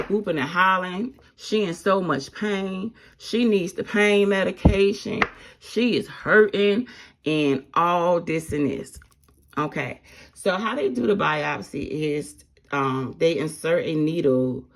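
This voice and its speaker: Blunt woman telling a personal story. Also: sits low. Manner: candid and blunt, with slang and exasperated asides. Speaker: vlogger.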